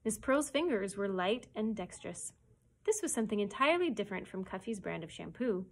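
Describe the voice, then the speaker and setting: Woman librarian, mid-pitched, expressive chapter-book read-aloud for kids. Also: brisk, vocal fry, low-quality recording. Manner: steady expressive storytelling. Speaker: children's librarian.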